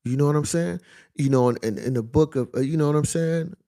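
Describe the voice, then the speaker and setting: A man's voice: a little high, a little fast, mellow. A young adult man, giving a casual motivational monologue and often checking in with "you feel me?". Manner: conversational, repeats "you know what I'm saying" and "you feel me". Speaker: motivational speaker.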